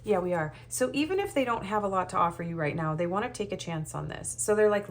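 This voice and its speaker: Lowish-voiced woman doing a tarot reading, kinda nervous, lots of ums, faint hum in the background. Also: animated, moderate pace. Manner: rambling, hesitant, with many ums and soft laughs. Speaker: tarot reader. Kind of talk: casual tarot reading monologue.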